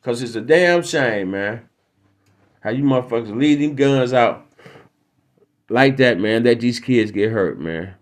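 A man's voice: mid-range voice, expressive, unhurried, long pauses. A man hosting his own podcast, rambling through a profane, preachy comic monologue. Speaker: podcast host.

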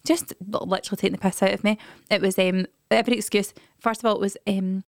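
Fast-talking mum telling stories. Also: female voice, mid-range voice, dry recording, studio quality. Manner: lively storytelling, acting out her kids' voices. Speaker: podcast co-host. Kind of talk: casual chat.

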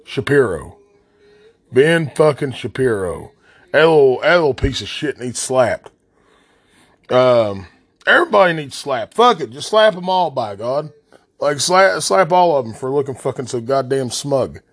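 A man's voice: medium pitch, very animated, a little slow, slightly rough. A man from the West Virginia coal fields with an Appalachian accent, hosting a podcast as a blunt, angry, heavily profane solo rant. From southern West Virginia coal fields. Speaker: podcast host.

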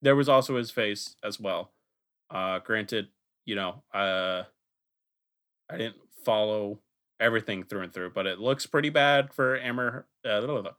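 Male podcast host, lowish voice, casual and profane, quick to laugh. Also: bright, forceful tone, clear, resonant tone. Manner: joking, swearing, laughs often.

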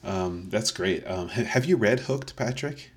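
A man's voice: on the low side, lively intonation, unhurried. A man co-hosting a podcast, arguing playfully in casual chat and laughing often.

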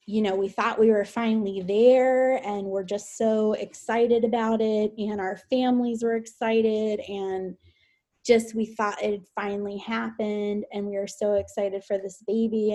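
A young woman talks as a guest on an interview podcast. Her soft-spoken delivery halts often and leans on many fillers. She sits in her middle register. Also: mid-range voice. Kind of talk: emotional personal interview.

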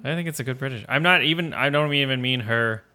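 Easygoing man with a bright, forward tone. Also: medium pitch, fast talker. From Philadelphia area. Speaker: podcast co-host. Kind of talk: casual movie discussion.

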